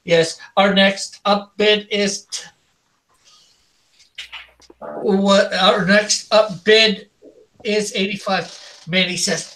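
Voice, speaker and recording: High-voiced man calling an auction. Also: slow pace, pauses often, sharp tone. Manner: repeats bid calls, chuckles between calls. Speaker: auction host. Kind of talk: live-stream art auction calling.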